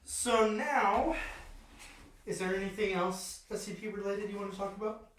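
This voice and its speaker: A man's voice: high-pitched, moderate pace, fairly bright tone, a little hiss or hum. A young man co-hosting a podcast, chatting casually in a rambling, profane way. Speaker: podcast co-host. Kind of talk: casual chat. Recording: echoey room, distant mic.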